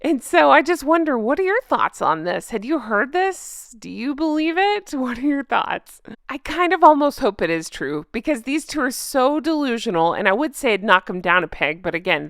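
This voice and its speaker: A woman hosts a casual reaction video, reading comments aloud and adding sarcastic, laughing asides. Her voice is smooth and clean. The sound is dry and close, with no room around it. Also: mid-range voice, a bit bright, no echo. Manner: mocking and sarcastic, often laughing; asks viewers direct questions. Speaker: channel host reacting to online comments.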